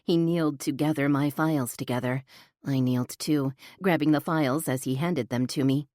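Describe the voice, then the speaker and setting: A woman narrating a first-person romance audiobook with an expressive, flustered inner voice, close to the mic. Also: extremely low pitch, moderate pace, no room sound.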